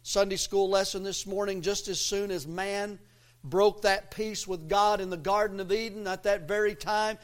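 High-voiced preacher guy, gets loud and emphatic then drops quiet, folksy and a bit all over the place. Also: steady tone, normal speed. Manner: folksy, self-interrupting delivery. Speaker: pastor. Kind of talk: sermon.

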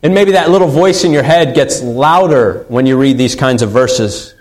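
A man's voice: medium pitch, moderate pace, poor audio. A man preaching a sermon in an earnest way, repeating key phrases for emphasis. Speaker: pastor.

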